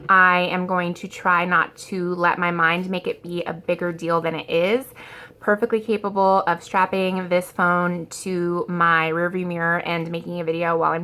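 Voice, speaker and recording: A woman's voice: lowish voice, sharp tone. A woman in her thirties talking casually in a rambling, self-deprecating vlog, full of ums and likes, and scatterbrained by her own account. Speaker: vlogger.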